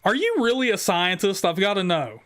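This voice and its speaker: A man from West Virginia, hosting a live stream in a casual, joking, excitable way. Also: high voice, brisk. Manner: excitable, joking, swears freely. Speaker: host.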